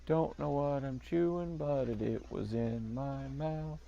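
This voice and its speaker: A man's voice: medium pitch, a little slow, creaky, lo-fi sound, a loud crowd. A man co-hosting a podcast, riffing on a movie in jokey, rambling banter and laughing often. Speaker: podcast co-host.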